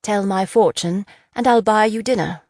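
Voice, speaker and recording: A woman voicing a calm, authoritative male lord who questions a young man, in a storybook reading. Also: mid-range voice, normal speed, no echo, studio quality, natural voice. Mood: commanding. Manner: even, authoritative.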